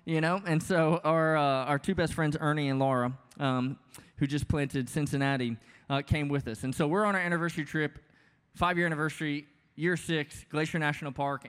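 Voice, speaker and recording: Guy in his 30s preaching, kinda high voice, chatty and jokey, lots of hall echo. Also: clean tone. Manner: casual, joking, conversational preaching with many asides. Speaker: pastor. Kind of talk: sermon. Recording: long hall reverb.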